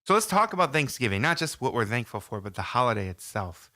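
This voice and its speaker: A man's voice: mid-range voice, very animated, fast talker, sharp tone, dry recording, clean studio sound. A man co-hosting a casual podcast, joking around and giving cooking tips. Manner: jokey, gives cooking tips. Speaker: podcast co-host. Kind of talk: casual chat.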